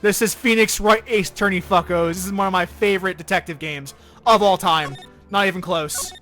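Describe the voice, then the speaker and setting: A man's voice: high voice, a little fast, sharp tone, soft background music. A man streaming a video game, joking crudely and reading it aloud in his own voice. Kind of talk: casual let's play commentary.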